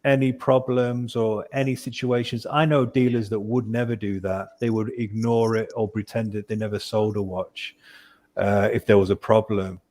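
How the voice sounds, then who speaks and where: A man's voice: fairly low pitch, little pitch movement, normal speed, a little mellow. A man on a panel chat, speaking earnestly and persuasively. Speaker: panel guest. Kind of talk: casual chat.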